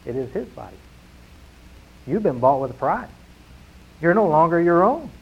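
A man preaching a sermon to his congregation, emphatic, slowing down and falling quiet on key phrases. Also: on the high side, very animated, slightly rough. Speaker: pastor. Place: church sanctuary. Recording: dull lo-fi sound.

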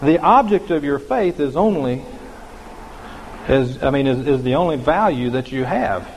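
A man's voice: medium pitch, animated, a little slow. Male pastor, homespun conversational sermon, long hall reverb, faint room hum. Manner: conversational preaching with many fillers and restarts.

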